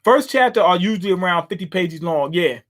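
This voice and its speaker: Casting: man with a high-set voice, casual manga read-along, chatty quick reactions. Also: lively intonation, a bit bright. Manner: reads panels aloud, reacting with quick asides. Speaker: manga reader and commentator. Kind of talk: casual read-through with commentary.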